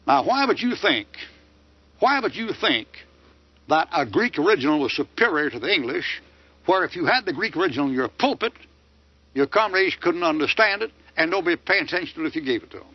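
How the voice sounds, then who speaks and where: Older man, combative preacher, high animated voice, dull lo-fi sound. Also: fairly quick, no echo. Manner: combative, rhetorical questions with mocking answers. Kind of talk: sermon lecture. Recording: dull lo-fi dry recording.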